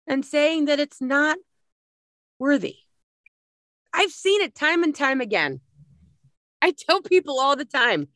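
A woman's voice: high voice, very animated, takes it slowly, a bit bright, no echo, clean studio sound. A middle-aged woman giving a blunt, emphatic spiritual talk, swearing freely as she advises people.

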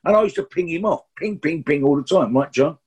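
This guest actor, a man in his sixties from London, spins chatty, meandering interview stories packed with asides and false starts. His husky voice sits on the high side and sounds animated, slightly quick, and a touch mellow.

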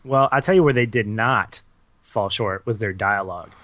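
A man's voice: on the low side, moderate pace, a bit bright, dry recording. Thoughtful man on a movie podcast. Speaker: podcast co-host. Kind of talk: casual movie review chat.

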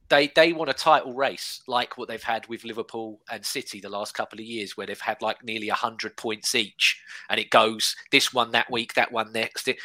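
A man in his thirties in a casual football podcast chat, lively and explaining his views. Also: mid-range voice. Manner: lively, explanatory, laughs while talking.

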